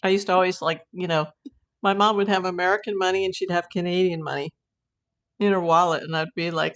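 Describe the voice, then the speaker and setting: Brief: woman live-stream host, loose rambling chat with frequent laughs, slightly low-pitched voice. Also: fairly even intonation, a little fast, fairly bright tone. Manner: rambling, anecdotal, laughs often. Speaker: host of a live YouTube channel.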